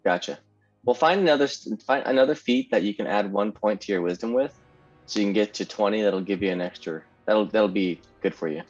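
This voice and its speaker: A man's voice: fairly low pitch, a little fast, darkish tone, faint music behind. A man playing a tabletop game online, giving rules advice and joking around, laughing easily. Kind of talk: casual banter at the game table. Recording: dull lo-fi online call audio.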